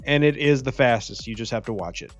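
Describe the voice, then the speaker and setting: A man's voice: medium pitch, expressive, fast, muffled recording, faint music behind. A man from Louisiana with a light Southern accent, hosting a casual gaming livestream and reading viewer comments aloud. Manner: chatty, reads viewer comments aloud, teasing. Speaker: livestream host.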